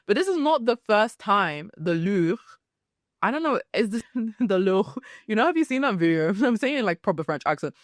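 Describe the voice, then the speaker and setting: A young woman hosting a solo podcast, telling stories in a chatty, animated way with frequent asides. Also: medium pitch, no room sound, clean studio sound. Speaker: podcast host. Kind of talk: casual solo podcast chat.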